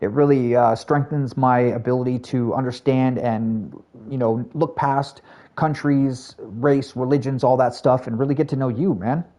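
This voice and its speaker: A man's voice: medium pitch, fairly even intonation, moderate pace, mellow. Chatty Canadian streamer guy. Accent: Canadian English. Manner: chatty, addresses chat and viewers by name, friendly filler-heavy talk. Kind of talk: casual live-stream chat while gaming.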